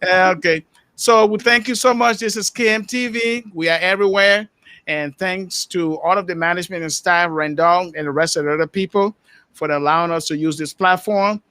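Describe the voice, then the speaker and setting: A man's voice: high voice, normal speed, sharp tone, clear, resonant tone, no echo. A man with a Liberian English accent hosting a live podcast, upbeat and sprinkling his talk with fillers. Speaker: podcast host.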